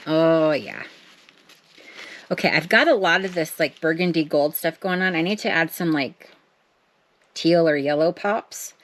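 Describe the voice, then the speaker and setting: A middle-aged woman speaks in a low voice, a little slowly and with frequent pauses, as she makes art. A craft vlogger, she chats casually, talks to herself and makes jokes at her own expense.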